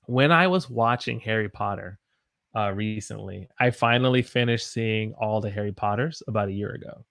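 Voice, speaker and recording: A man's voice: mid-range voice, dry recording, studio quality. A man from the Southern United States with a Southern accent, teaching English casually on a livestream, reading viewer comments and demonstrating how he talks. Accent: Southern American. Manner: chatty, reads viewer comments aloud, demonstrates pronunciation.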